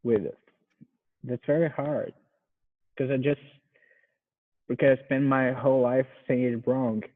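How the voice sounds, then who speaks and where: Slow-talking Brazilian man on a tinny line. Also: mid-range voice, flat delivery. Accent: Brazilian Portuguese. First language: Portuguese. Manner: halting, repeats words carefully. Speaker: English student, software engineer. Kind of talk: practicing pronunciation in a lesson.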